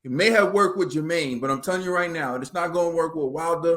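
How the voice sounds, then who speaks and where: A man co-hosting a casual boxing talk show, telling the story in an animated, slangy way and acting out quotes. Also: fairly high pitch, fast talker.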